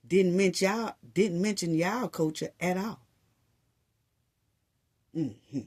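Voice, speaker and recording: A woman's voice: on the low side, takes it slowly, darkish tone. A woman giving a sarcastic, scolding opinion monologue, full of rhetorical questions. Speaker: commentary vlogger.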